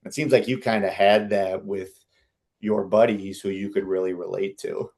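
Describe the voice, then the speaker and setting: A man's voice: low voice, steady tone, normal speed, darkish tone. A man in his thirties hosting a podcast, talking in a loose, rambling way with many fillers. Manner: chatty, rambling, lots of fillers. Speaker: podcast host. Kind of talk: casual interview talk.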